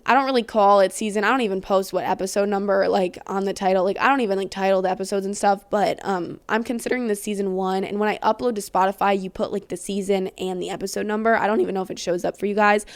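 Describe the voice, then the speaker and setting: A woman's voice: mid-range voice, steady tone, fast, few pauses, no room sound. A young woman hosting her own podcast, chatting casually and rambling with lots of fillers and the odd swear word. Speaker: podcast host. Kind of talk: casual solo podcast chat.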